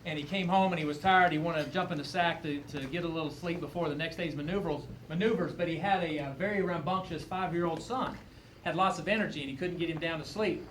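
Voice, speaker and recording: Speaking at a veterans event as a guest, this man shares a story before growing earnest, his style folksy and sincere. He talks fast in a high-leaning, somewhat bright voice. There's slight background noise, and the room is echoey with faint ambience.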